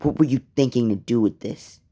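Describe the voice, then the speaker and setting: A man's voice: medium pitch, fairly quick, mellow, slightly rough, highs cut off, natural voice. A man voicing an angry teenage girl who accuses and curses in a storytelling reading. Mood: angry, accusing. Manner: sneering, cursing.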